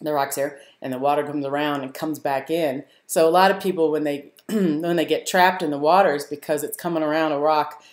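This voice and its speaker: A woman hosting a live stream, telling a story to her viewers in a casual, animated way, laughing often and using many fillers. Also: low voice, brisk. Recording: roomy echo.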